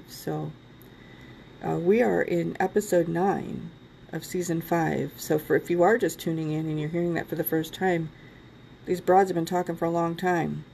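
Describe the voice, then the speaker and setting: Chatty low-voiced woman podcast host. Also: gravelly, warm tone, a little hiss or hum. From Ohio. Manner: chatty, rambling, laughs often. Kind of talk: casual podcast chat.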